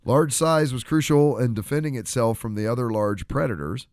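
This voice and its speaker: A man's voice: medium pitch, normal speed, darkish tone, dry recording, clean studio sound. A young man co-hosting a podcast, reading news aloud with a joking, stumbling delivery in casual chat. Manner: stumbling over words, joking. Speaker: podcast co-host. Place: indoor room by a fireplace.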